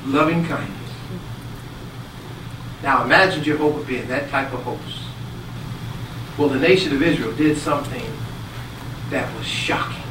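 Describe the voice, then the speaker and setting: Animated preacher echoing through a hall. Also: male voice, on the high side, a little slow, long pauses, recorded from a distance. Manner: animated storyteller, acts out quotes, swings from loud to hushed. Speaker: speaker giving a Bible talk. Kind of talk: sermon with storytelling. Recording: echoey hall, speaker away from mic, audible noise.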